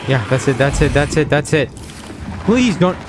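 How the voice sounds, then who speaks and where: A man's voice: medium pitch, fairly even intonation, fairly quick, music in the background. A man streaming a video game, swearing constantly and sarcastic as he grows more and more exasperated. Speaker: gaming streamer. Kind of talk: frustrated gameplay commentary.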